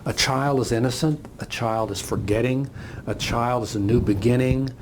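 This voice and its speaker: A man's voice: mid-range voice, normal speed, noisy background. An older man giving a reflective motivational talk, telling a parable as a story. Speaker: speaker.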